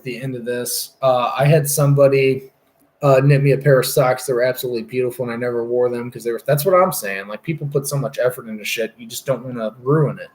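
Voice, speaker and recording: A young man chatting casually on a livestream, rambling and swearing as he gets sidetracked. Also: mid-range voice. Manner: rambling, profane, easily distracted. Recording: roomy echo.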